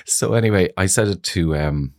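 A man's voice: sits low, no room sound, clean studio sound. A middle-aged man, a salon owner, telling stories in a chatty interview with frequent laughs and "you know". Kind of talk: casual interview storytelling.

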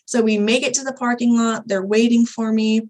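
A young adult woman, a birth doula, telling her own birth story as a guest in a podcast interview, candid and animated, voicing the people she quotes. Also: a little high, moderate pace, low-quality recording. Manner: candid, animated retelling, acts out quoted dialogue.

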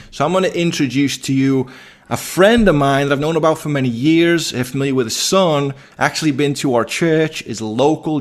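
A man in his forties with an English accent, hosting a podcast interview in an upbeat, joking way. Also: medium pitch. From England. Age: 40s. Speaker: podcast host.

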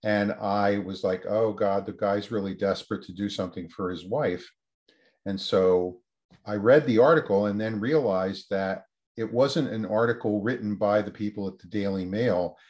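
A man's voice: on the low side, normal speed, darkish tone. A man, a researcher, telling a story in an interview answer and acting out the quoted voices with lots of energy. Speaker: researcher guest.

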